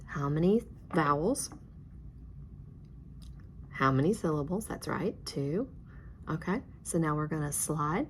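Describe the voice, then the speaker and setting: Patient woman teacher with a gravelly low voice. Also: sing-song, moderate pace, long pauses, noisy background. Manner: patient, encouraging, step-by-step prompting. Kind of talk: one-on-one reading lesson.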